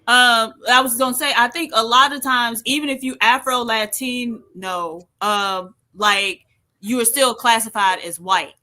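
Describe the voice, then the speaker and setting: A woman on a casual talk panel, speaking in a relaxed way with fillers like "like". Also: on the high side, unhurried. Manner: relaxed, conversational, uses fillers like "like". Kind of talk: casual chat.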